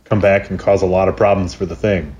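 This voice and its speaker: A man's voice: low voice, level tone, a little fast, darkish tone, highs cut off, a little hiss or hum. A man co-hosting a casual chat, adding dry, wry remarks. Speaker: podcast co-host.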